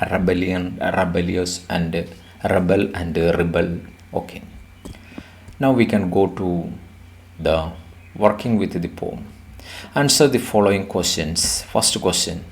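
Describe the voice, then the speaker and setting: A man's voice: low voice, unhurried, long pauses. A man teaching a lesson, explaining a poem and stressing and repeating key words for his students. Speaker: English teacher.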